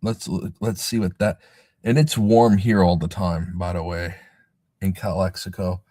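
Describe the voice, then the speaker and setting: Guy doing a chill livestream, kinda low voice, dry close sound, rambly and sarcastic. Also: level tone, unhurried, warm tone, dry recording. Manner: rambling, sarcastic asides, self-deprecating. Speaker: livestream host. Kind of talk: casual livestream chat.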